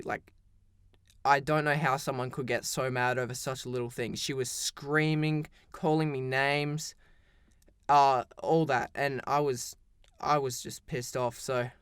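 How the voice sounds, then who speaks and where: A man's voice: mid-range voice, fairly bright tone, clear, resonant tone, no echo, clean studio sound. A teenage boy telling a story in a casual, rambling storytime style, full of "like" and restarts. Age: teens. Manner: rambling, heavy use of "like", frequent restarts.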